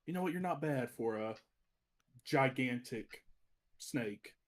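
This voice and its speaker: A man's voice: medium pitch, lively intonation, slow. A man playing a tabletop game over a video call, talking in character in a rambling, hesitant way. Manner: rambling, hesitant, with many fillers. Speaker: player.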